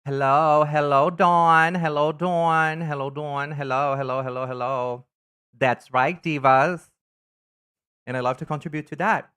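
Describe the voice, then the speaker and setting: A man chatting casually on a live stream, camp and animated, greeting viewers by name while he ranks things. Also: mid-range voice, moderate pace, clean tone. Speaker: live streamer reading chat. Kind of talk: casual live-stream chat ranking items.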